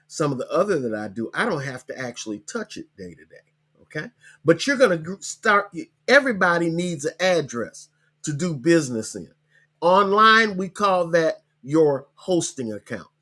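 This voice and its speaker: A man's voice: a little high, fairly bright tone. Chatty man coaching online business. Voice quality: hiccups. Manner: chatty, repeats web links slowly, tags lines with okay. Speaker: podcast host.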